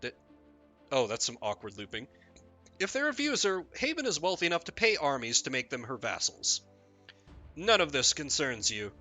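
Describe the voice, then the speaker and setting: A man's voice: a little high, fairly quick, faint music behind. A man streaming a text game live, reading the story aloud and joking about it. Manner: jokey, animated, reads game text and riffs on it.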